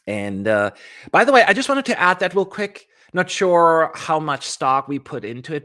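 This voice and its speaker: A man hosts a casual livestream, talking straight to his viewers. His pitch sits in the middle range. He rambles through his thoughts and his voice jumps up high in sudden animated bursts. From California. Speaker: host of a fan channel livestream.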